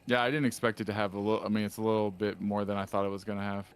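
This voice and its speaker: A man's voice: on the low side, little pitch movement, very fast, smooth, no echo. A man co-hosting a casual reaction video, making wry remarks and asking questions, with casual swearing. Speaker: co-host reacting to a show.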